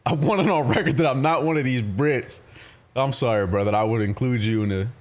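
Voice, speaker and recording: A man's voice: medium pitch, fairly quick. A man live streaming, talking casually with his viewers, rambling through stories full of swearing and frequent laughter. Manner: profane, rambling storytelling, often laughing. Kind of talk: casual livestream chat with viewers.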